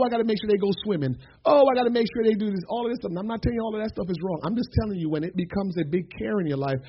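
A man's voice: high-pitched, dull audio, slight background noise. A male preacher delivering an impassioned, emphatic sermon, often starting phrases with "uh". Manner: impassioned, emphatic, frequent "uh" fillers.

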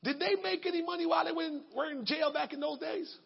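A man preaching a sermon in a colloquial, emphatic way, bursting into shouts. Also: very high voice, fast, vocal fry, muffled recording.

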